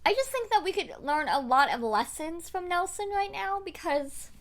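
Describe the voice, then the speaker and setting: A woman's voice: very high voice, animated, moderate pace. A young woman vlogging about books at home into a desk microphone, rambling and chatty with many fillers. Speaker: book vlogger. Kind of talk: casual to-camera chat.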